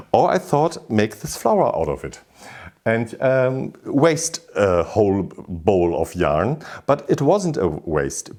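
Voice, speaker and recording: A man with a German accent hosting a crochet tutorial, telling his story with animated exasperation. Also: mid-range voice. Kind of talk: casual tutorial talk.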